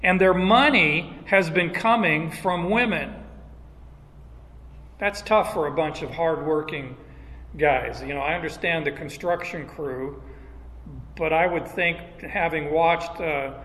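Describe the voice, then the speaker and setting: Slow, bright-voiced preacher in a hall. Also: male voice, a little high, steady tone. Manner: conversational, with folksy asides. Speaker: pastor. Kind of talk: expository sermon. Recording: long reverb of a large hall.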